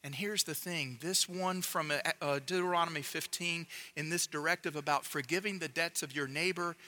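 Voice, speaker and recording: A man preaching a sermon in a measured, emphatic way, dropping to a hush to drive points home. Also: fairly high pitch.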